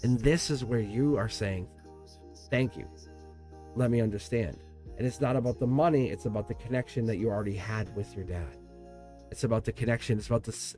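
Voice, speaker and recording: A man's voice: medium pitch, warm tone. A man giving a live tarot reading to viewers, talking in an earnest, rambling way, repeating phrases and correcting himself mid-sentence. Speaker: tarot reader.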